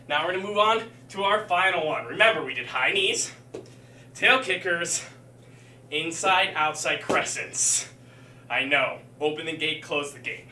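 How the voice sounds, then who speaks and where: A man's voice: a little high, bright, forceful tone. A male martial arts instructor leading a live-streamed workout, counting reps and calling cues while he exercises, slightly out of breath. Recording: echoey room, mic far off, faint hum.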